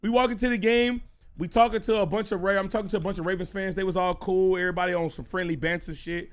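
A young man streaming, telling a story in an animated, profane, excitable way. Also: high-pitched, fast. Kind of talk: casual livestream story time.

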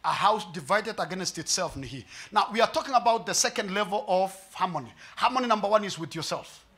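A man preaching a sermon, mixing in Swahili and humor, swinging from hushed lines to shouts. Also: sits high, expressive, brisk. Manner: mixes English and Swahili with humor. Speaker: pastor.

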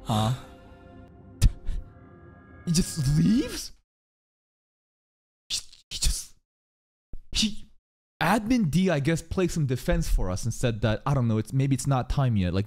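A woman reacting live to an anime, excitable and profane, laughing often and thinking aloud. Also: a bass voice, slow, long pauses, faint music behind. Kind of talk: casual live reaction commentary.

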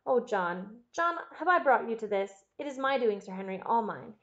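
A woman's voice: on the high side, lively intonation, moderate pace, fairly bright tone, dull audio. A woman voicing a distraught middle-aged housekeeper who earnestly confesses to her master, in an audiobook reading.

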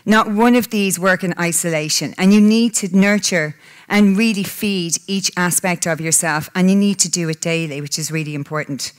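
A woman's voice: lowish voice, moderate pace. A woman, giving a candid personal talk to a live audience, tearful at times. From Ireland. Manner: candid, emotional, breaks into laughter. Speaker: public speaker. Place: conference hall.

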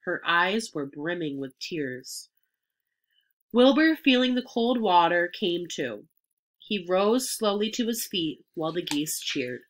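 A woman reading a children's storybook chapter aloud, expressive and clear. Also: lowish voice, slow pace. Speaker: reader.

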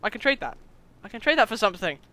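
A teenage boy chattering and joking excitedly while playing a shooter game online. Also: high-pitched, rapid-fire, no room sound. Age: teens. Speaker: gamer. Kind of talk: casual gameplay commentary.

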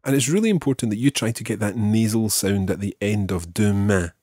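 Lively, husky male language teacher. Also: fairly low pitch, a little fast, no echo, studio quality. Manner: patient, explains step by step and models pronunciation. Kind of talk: podcast language lesson.

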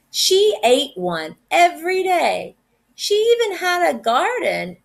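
A first grade teacher, a woman, reading a picture book aloud in an animated, expressive way. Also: high voice, gravelly.

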